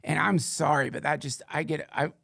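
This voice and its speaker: Rambling, excitable man with a gravelly voice. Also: fairly high pitch, normal speed, no echo, studio quality. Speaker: podcast host. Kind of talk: casual chat.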